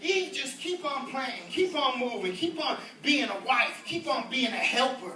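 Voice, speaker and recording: A man evangelist preaching a sermon in an animated, repetitive style, mixing in comic stories. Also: very high-pitched, a little slow, slight background noise. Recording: echoey hall, distant mic, congregation.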